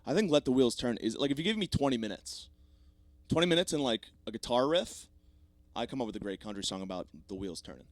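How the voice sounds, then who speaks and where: A man's voice: mid-range voice, expressive, fast talker, no room sound. A man in his thirties hosting a solo comedy podcast, ranting in a profane, rambling, self-mocking way with a slightly sore voice. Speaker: podcast host.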